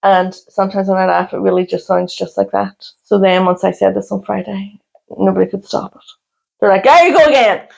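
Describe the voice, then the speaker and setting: A woman co-hosting a relaxed chat podcast, her voice carrying a slight gravelly edge. She talks casually and often breaks into loud, high-pitched laughter. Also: fairly quick. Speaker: podcast co-host.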